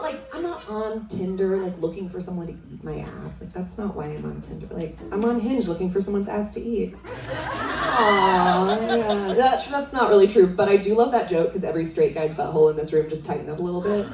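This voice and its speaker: Performing stand-up at a club, a young adult woman jokes with the crowd in a conversational, expressive way, speaking briskly in a mid-range voice. The recording carries background noise plus the roomy, far-off sound of the venue and audience laughter.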